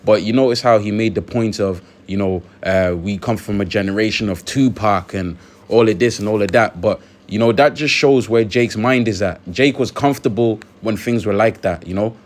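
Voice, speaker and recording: A man's voice: fairly low pitch, normal speed. A man hosting a religious video, talking through scripture in a conversational way with lots of "you know". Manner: conversational, many fillers and restarts. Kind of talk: scripture commentary.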